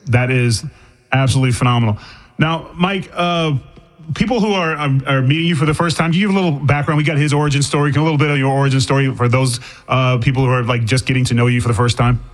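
Boston radio host guy, fast and chatty, jokes around, trips over his questions. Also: medium pitch, fairly even intonation. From Boston area. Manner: chatty, jokey, stumbling questions. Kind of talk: casual radio interview.

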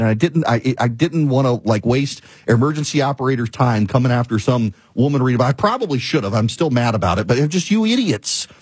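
A man's voice: darkish tone, husky, no room sound. A man hosting a talk show, telling stories in a casual, ranting monologue. He sounds exasperated and emphatic, repeats points for effect, and breaks into laughter. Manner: laughs mid-sentence and bursts into high-pitched exclamations.

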